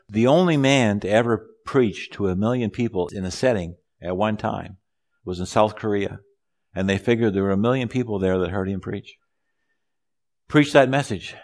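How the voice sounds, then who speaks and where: An older man preaching a sermon, telling folksy stories and reading scripture aloud with rising emphasis. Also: mid-range voice. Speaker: pastor.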